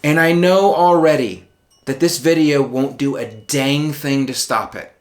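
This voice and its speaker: A man's voice: on the high side, measured pace. Wry middle-aged man telling a story. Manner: wry, conversational, self-deprecating asides. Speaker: video essayist. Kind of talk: personal storytelling monologue.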